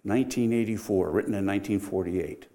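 An older man preaches briskly in a lowish voice, serving as a pastor. Wry humor runs through the sermon, which swings sharply from loud emphasis to quiet sincerity.

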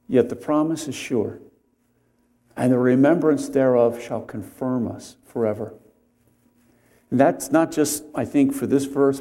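Delivering an expository sermon, this preacher speaks in a warm mid-range voice. His style is measured yet conversational, with pauses that highlight important words and occasional wanderings into homely asides.

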